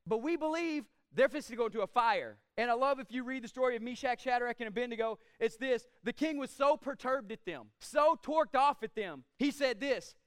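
A male preacher, his voice pitched unusually high yet smooth and resonant. He delivers a fervent sermon, building to near-shouts and dropping into chuckling asides. The sound is close and dry, with no room echo. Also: fairly quick, hardly any pauses. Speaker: pastor.

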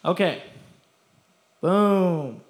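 A man's voice: sits high, very slow. A young man preaching a casual youth sermon, slangy and playful, often laughing as he talks.

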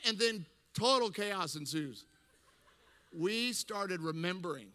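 A man speaking to a men's gathering, telling a funny story in an animated way, laughing and acting out voices. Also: sits high, slow, long reverb tail. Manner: animated, acts out quoted voices, laughs often. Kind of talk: humorous storytelling talk.

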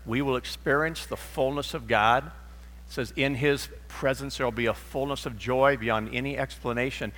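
A man's voice: mid-range voice, a bit bright. A middle-aged man preaching a sermon in a church, telling stories and acting out the dialogue in them. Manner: storytelling, acts out dialogue in quotes. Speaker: pastor. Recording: long reverb of a large hall.

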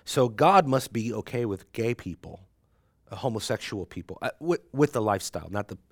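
A man's voice: fairly low pitch, lively intonation, brisk, no room sound. Bantering male Bible class teacher. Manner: joking, teasing students, laughs often. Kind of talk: conversational class lecture.

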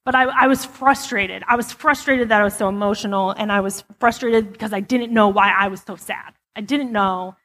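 A woman's voice: medium pitch, moderate pace, few pauses, a bit bright. A woman giving a personal testimony in a church, talking candidly and casually with lots of fillers. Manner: candid, chatty, many fillers. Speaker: church speaker. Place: church sanctuary. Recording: long hall reverb.

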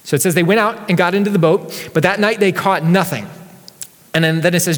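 A man's voice: high-pitched, fairly quick. Male pastor, conversational sermon delivery, lifts his energy on scripture readings; long hall reverb. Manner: conversational, reads scripture aloud with rising energy.

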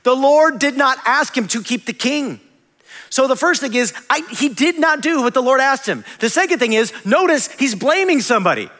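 A man's voice: very high voice, lively intonation, normal speed, bright, forceful tone, long reverb tail. A male pastor preaching a sermon in a conversational way, correcting himself and adding light humorous asides.

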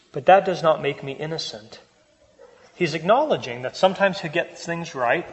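A man's voice: on the high side, in a large hall, rough recording. A man preaching a sermon, talking to the congregation in a conversational way and asking them rhetorical questions. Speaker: pastor.

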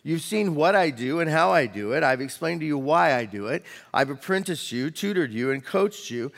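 A man preaching a sermon as a pastor, in a conversational way with quick asides and the odd restart. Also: on the high side, expressive, vocal fry, fairly bright tone. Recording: long hall reverb.

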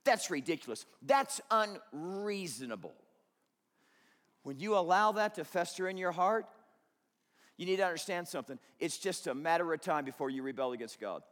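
A man's voice: on the high side, a little fast, fairly bright tone, big-room sound. A man preaching a sermon as pastor, conversational and joking, acting out quotes to the congregation.

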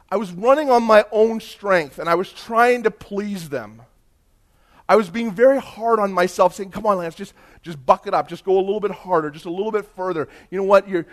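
Animated man preaching a sermon. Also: sits high. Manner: storytelling, rising to loud emphatic bursts. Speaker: pastor.

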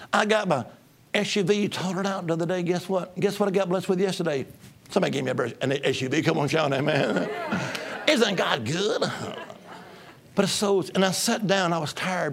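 A middle-aged man preaching, telling stories with humor and call-and-response, swinging between loud bursts and hushed asides. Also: on the high side, gravelly, slightly rough. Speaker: traveling preacher. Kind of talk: humorous storytelling sermon.

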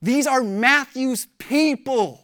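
A pastor preaches with lively, emphatic energy. The talk stays casual and slangy, and the pitch swings up high to stress key words. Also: takes it slowly. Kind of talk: sermon.

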